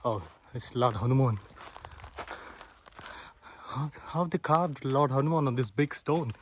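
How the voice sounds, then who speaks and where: A young man with a mid-pitched voice talks straight to his viewers as he climbs, excited and a little out of breath. He records outdoors on a handheld phone, and the sound carries clear background noise. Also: a little slow. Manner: excited, chatty, addresses viewers as guys. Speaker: vlogger. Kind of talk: casual trekking vlog. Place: outdoors on a hilltop fort.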